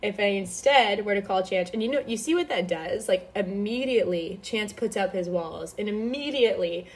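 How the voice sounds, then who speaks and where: A woman's voice: mid-range voice, moderate pace, husky. A young woman hosting a podcast, giving casual faith-based advice in a chatty way full of fillers and restarts. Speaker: podcast host.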